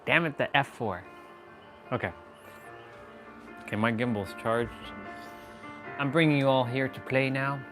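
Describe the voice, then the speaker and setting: A man's voice: medium pitch, a little slow, long pauses, music in the background. A man chatting casually on a live gaming stream, playful and muttering to himself as he plays. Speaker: livestream gamer.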